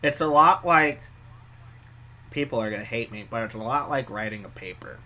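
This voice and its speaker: A man co-hosting a casual podcast chat about online wrestling, animated and quick to jump in with asides. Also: medium pitch. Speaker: co-host.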